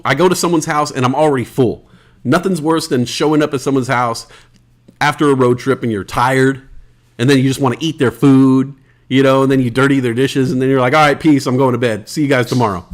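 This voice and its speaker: An American man of ordinary pitch hosts a casual solo podcast, loosely rambling between topics. He swears freely and reads listener comments aloud in an easygoing, conversational way. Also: fairly even intonation, fairly quick. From United States. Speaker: podcast host.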